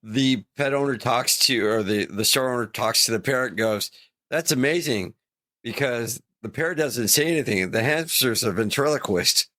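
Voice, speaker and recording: A laid-back man chatting on a comedy podcast at an ordinary mid-range pitch. He is easygoing and agrees easily as he chats with his co-hosts. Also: moderate pace, few pauses, sharp tone, no room sound. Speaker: podcast co-host. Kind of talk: casual comedy podcast banter.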